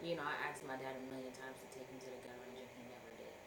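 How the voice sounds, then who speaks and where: A woman's voice: rumbling low, fairly even intonation, racing. A woman in her twenties co-hosting a casual couples podcast. She teases her partner and speaks with easy self-assurance. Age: 20s. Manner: teasing, self-assured, laughs easily. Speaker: podcast co-host. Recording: echoey room with noise.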